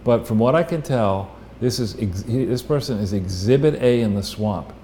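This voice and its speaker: A man's voice: fairly low pitch, expressive, moderate pace, warm tone, slight background noise. A man giving casual political analysis as a guest, talking bluntly with restarts and the odd profanity.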